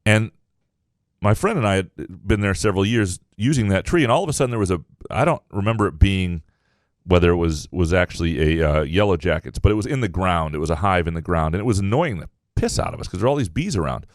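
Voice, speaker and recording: A man's voice: low voice, expressive, quick pace, dry recording, studio quality. A man in his thirties co-hosting a casual sports podcast, telling stories in a rambling way with many restarts. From Michigan. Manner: rambling, restarts sentences, storytelling.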